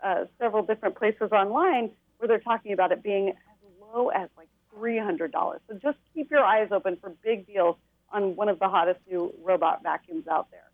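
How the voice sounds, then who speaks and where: On a TV segment, a woman appears as a tech expert guest and gives a bubbly, enthusiastic product rundown, laughing now and then. Her medium-pitched voice is fairly quick and dry with no echo, though it comes through a tinny phone line.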